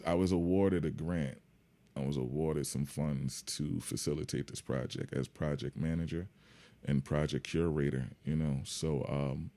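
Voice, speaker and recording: A man who is a guest on a podcast, talking in a calm, laid-back way that is full of "man" and "you know what I mean". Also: extremely low pitch. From Yonkers, New York. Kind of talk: casual interview chat.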